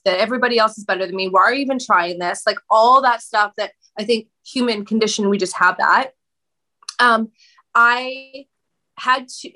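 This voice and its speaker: A woman speaking as a podcast guest, her voice bright and sitting a little high. She talks in animated, expressive bursts. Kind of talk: candid conversational interview.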